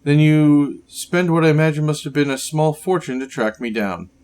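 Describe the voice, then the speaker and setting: A man voicing a gaunt, sickly male scientist villain, reading game dialogue aloud in a grave, measured way. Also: fairly high pitch, darkish tone, close to an everyday voice.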